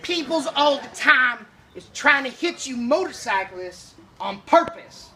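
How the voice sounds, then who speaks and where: A man's voice: very high-pitched, unhurried, faint music behind, voice pushed up, exaggerated voice. A man putting on a blunt, nosy old woman. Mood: warning. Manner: ungrammatical, nosy, deadpan.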